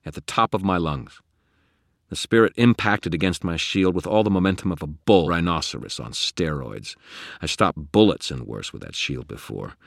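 A man narrating a first-person audiobook in a measured, dramatic storytelling manner. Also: very deep voice, no echo, clean studio sound.

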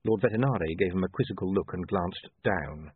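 Husky man narrating a story. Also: deep voice, fairly quick, no echo. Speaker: audiobook narrator. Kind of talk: expressive scripted narration. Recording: dry, tinny phone-like line.

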